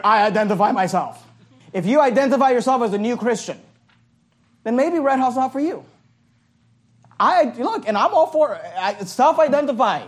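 A male pastor preaching a sermon in an animated, joking way, at times shouting. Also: very high voice, normal speed, long pauses.

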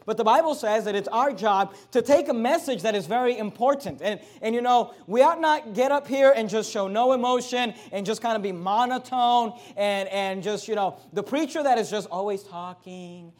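A male pastor preaches with a high voice. He rises to loud, emphatic declarations, then drops to quieter lines to draw attention. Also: moderate pace, hardly any pauses. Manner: dynamic preaching, shifts between loud emphasis and quiet asides. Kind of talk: sermon.

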